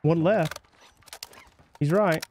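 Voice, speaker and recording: A man's voice: a little high, drawn-out words, heavy background noise. A young man from North Carolina with a Southern twang, streaming a shooter game live and chatting with his viewers. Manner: excitable, chatty, reacts loudly to the game. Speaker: livestream gamer.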